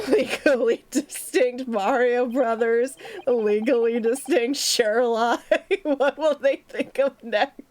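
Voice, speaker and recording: Young female streamer, high-pitched, excitable, unhurried playthrough chat. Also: soft background music. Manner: giggly, excitable reactions. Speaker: VTuber streamer. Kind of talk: casual gameplay commentary.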